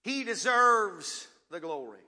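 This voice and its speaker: A preacher with a high, lively voice, drawing out words and then rushing ahead, asking his listeners questions. His tone is bright and ringing, and a long hall reverb carries each phrase. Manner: dynamic call-and-response preaching, swinging between soft and shouted. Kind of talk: sermon.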